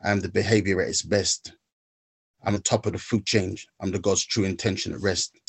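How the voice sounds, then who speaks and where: A man reciting a spoken word poem in a measured, rhythmic way, then talking haltingly about his own recovery steps. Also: deep voice, fairly even intonation, gravelly, slightly rough. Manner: halting, searching for words.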